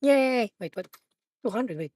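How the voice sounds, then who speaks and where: A young woman streaming a driving game, excitable and swearing, laughing and talking to her chat. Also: a little high, a little slow. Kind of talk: casual live-stream chat while gaming.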